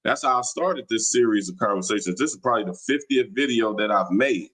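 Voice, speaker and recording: A man's voice: fairly low pitch, expressive, fairly quick, a bit bright, slightly rough, poor audio. A man hosting a livestream, talking in a combative, taunting, slangy way. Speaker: livestream host. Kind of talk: casual livestream talk. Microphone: streaming mic.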